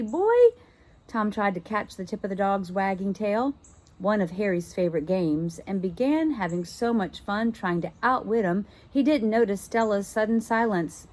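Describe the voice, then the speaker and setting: A woman teacher reading a children's chapter book aloud, expressive and now and then stopping to work out a word. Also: mid-range voice. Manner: expressive, stops to puzzle out words.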